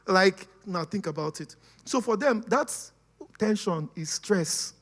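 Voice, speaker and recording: A man giving a lively, casual teaching talk, laughing often and checking that his listeners follow. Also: sits high, normal speed. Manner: animated, laughing, acts out quoted voices, keeps asking "you understand?". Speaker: speaker on personality types.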